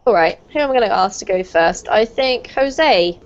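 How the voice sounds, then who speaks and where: A woman teaching a live online pronunciation class, praising students warmly and laughing often. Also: expressive, moderate pace. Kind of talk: live online group lesson. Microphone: video call. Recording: dull low-fidelity video call audio.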